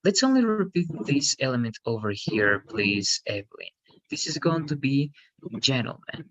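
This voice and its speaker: A man's voice: medium pitch, sing-song, moderate pace, fairly bright tone, highs cut off. A man teaching an English lesson, patiently explaining and often checking in with "right?".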